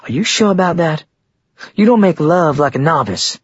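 A man voicing an impassioned adult woman, raising his husky voice and speaking breathily. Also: animated, moderate pace, no echo, muffled recording. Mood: doubtful. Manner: raised pitch, breathy and emotional. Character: impassioned adult woman, anxious then tender.

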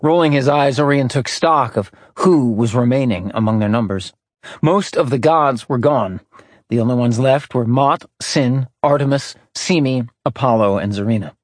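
A man's voice: mid-range voice, normal speed, no echo, studio quality. A man narrating fiction in a scripted audiobook reading, switching between character voices. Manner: lively, character-voicing narration.

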